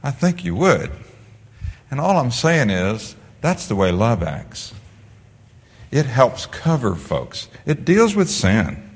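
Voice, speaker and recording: Animated preacher in a reverberant hall. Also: male voice, mid-range voice, takes it slowly, breathy edge. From Netherlands. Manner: animated preaching, drops to a soft storytelling voice. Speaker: pastor. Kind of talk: sermon.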